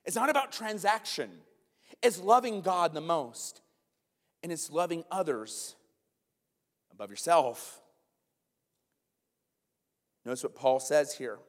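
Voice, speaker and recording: A man preaching a sermon to his congregation, animated, with conversational asides. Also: on the high side, big-room sound. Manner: animated, talks to the congregation with asides and quick acted-out quotes. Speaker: pastor.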